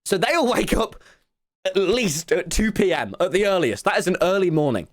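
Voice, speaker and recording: A young man, telling a story to his live stream chat in an excitable way, dropping to mumbled asides and rising to loud yelps, and swearing freely. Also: high voice, moderate pace, no room sound, studio quality. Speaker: livestreamer.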